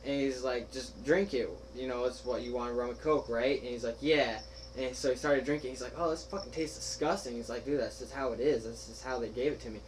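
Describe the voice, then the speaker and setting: A man's voice: medium pitch, a little fast, a little hiss or hum, low-quality recording. A young man casually telling a story to friends, acting out what others said and laughing along. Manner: animated, laughing, acts out quoted friends. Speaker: podcast host telling a story.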